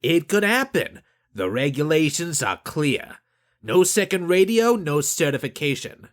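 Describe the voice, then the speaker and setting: Man playing officious middle-aged inspector, rule-bound, animated voice. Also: fairly high pitch, measured pace, voice pushed up.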